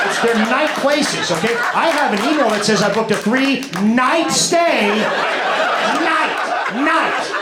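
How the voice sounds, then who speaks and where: A man doing a stand-up comedy set, rambling and exasperated, repeating his words as he rants. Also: high voice. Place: comedy stage with live audience. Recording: roomy club with audience noise.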